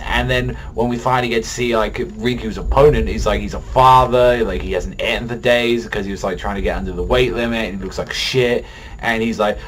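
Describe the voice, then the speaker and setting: A man's voice: on the low side, slight background noise. Profane, rambling young man reviewing manga. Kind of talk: casual video review.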